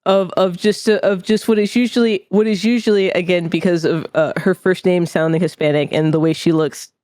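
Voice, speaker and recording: A man co-hosting a podcast in casual chat, telling stories in a halting way and giggling often. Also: high-pitched, fairly even intonation, darkish tone, no echo, clean studio sound. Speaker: podcast co-host.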